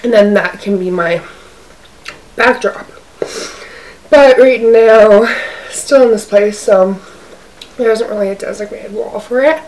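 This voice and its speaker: A woman's voice: mid-range voice, slow pace, long pauses, darkish tone. A woman chatting casually while eating on camera in her apartment, talking in a loose, rambling way full of "like". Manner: chatty, fills speech with "like". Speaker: mukbang vlogger. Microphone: camera's own mic, zoomed out. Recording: distant camera mic, faint hiss.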